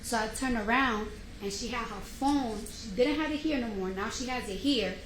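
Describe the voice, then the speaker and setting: A woman giving courtroom testimony in an animated storytelling way, acting out what each person said. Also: on the high side, normal speed. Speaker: witness testifying. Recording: echoey courtroom, faint noise.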